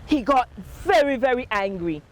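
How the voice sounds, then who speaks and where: A woman telling a folk tale in a lively, sing-song way, with dramatic pauses. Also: fairly high pitch, rough recording. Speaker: storyteller. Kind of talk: folk tale storytelling with singing. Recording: windy outdoor mic noise.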